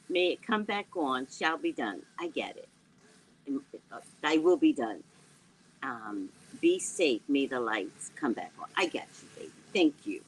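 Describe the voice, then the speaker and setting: A psychic livestream host with a rumbling low, husky voice speaks a little slowly from her home, without an external mic, so the recording is rough. She's animated and jokey, talking to viewers and reacting to her chat.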